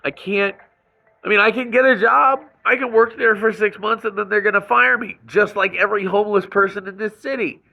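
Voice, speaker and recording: A man's voice: high voice, fairly even intonation, a little fast, creaky, highs cut off. A man venting angrily and rawly into the camera in an emotional personal rant, stumbling and swearing as he talks. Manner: angry, raw venting with restarts and swearing. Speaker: vlogger.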